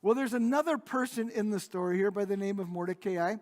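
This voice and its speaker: A man with a high voice preaching in a church sanctuary, his words trailing off into a long hall reverb. He tells the story like a casual conversation, often restarting and repeating words as he goes. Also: brisk. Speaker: pastor. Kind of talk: sermon retelling a Bible story.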